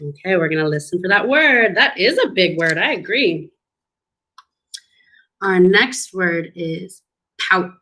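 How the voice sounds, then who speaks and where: A woman's voice: lowish voice, animated, pushed and bright. A woman reading a picture book aloud to young children as a speech clinician, teaching new words in an encouraging teacher voice. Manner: slow, sing-song, encouraging teacher talk with drawn-out words. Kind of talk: children's storybook read-aloud lesson.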